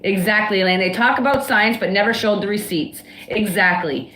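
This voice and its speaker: A woman's voice: mid-range voice, moderate pace, pushed and bright, roomy sound. A woman in a heated, casual livestream rant, talking bluntly and defiantly with frequent swearing. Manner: blunt, swearing, defiant, laughs between outbursts. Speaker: livestream guest.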